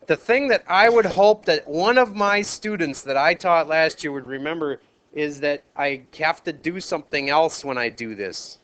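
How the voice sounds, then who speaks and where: A man's voice: on the high side, a bit bright, smooth. A man with a Minnesota accent teaching math in a classroom, asking the class questions and polling the students. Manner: asks the class questions, jokes and polls students. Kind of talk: classroom lecture.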